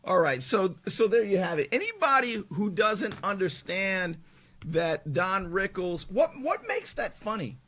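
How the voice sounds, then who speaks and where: Talk show host guy arguing his point, lively up-and-down voice, emphatic. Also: high voice, measured pace. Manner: argumentative, emphatic, restarts mid-thought. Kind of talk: opinionated commentary.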